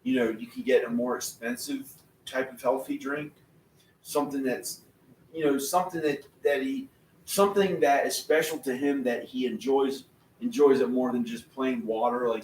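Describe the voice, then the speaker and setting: Rambling man in an echoey room. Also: medium pitch. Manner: rambling, restarts, laughs often. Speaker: vlogger. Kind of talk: rambling casual talk. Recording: echoey room, far from the mic, faint noise.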